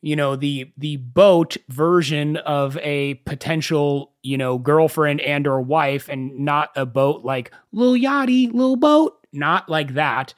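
Young male solo podcaster, animated storyteller, slightly high voice, dry close sound. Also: slow pace, hardly any pauses, no room sound. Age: young adult. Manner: animated storyteller, swears freely. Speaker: podcast host. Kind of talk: casual solo podcast monologue.

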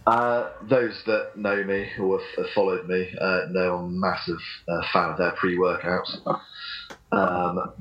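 Very deep-voiced man, hesitant. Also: flat delivery, measured pace. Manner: hesitant, many ums, chuckles often. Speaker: podcast guest, sponsored fitness athlete. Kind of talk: casual podcast interview. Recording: dull lo-fi recording.

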